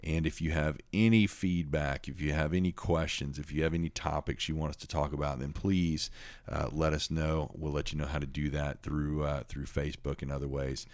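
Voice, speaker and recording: A man in his forties co-hosting a podcast, talking casually and hesitantly with frequent pauses and fillers. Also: rumbling low, level tone, no echo. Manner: hesitant, uses "uh" a lot. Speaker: podcast co-host. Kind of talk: casual chat.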